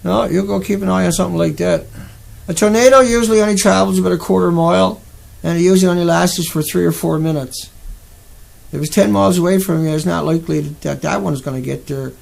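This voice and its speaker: An agitated man hosts his own live stream. His voice sits high and is deeply gravelly and fry-laden. He circles back on his points and talks straight to his viewers. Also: fairly even intonation, fast talker, darkish tone. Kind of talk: casual live-stream rant.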